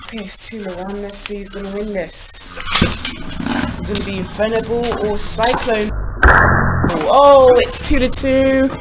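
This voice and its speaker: A young man with a British accent, casually commentating on toy battles in a rambling, excitable way, laughing often, at home. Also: sits high, a little slow, very noisy. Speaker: Beyblade channel host. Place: home room, family upstairs.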